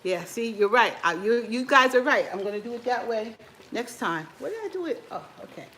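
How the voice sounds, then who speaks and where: A woman's voice: a little high, big pitch swings, fairly quick, sharp tone, a little hiss or hum. Chatty woman eating on a home cooking vlog. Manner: chatty, laughs often, talks while eating. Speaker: cooking vlogger. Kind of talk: casual chat to viewers while eating. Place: home kitchen.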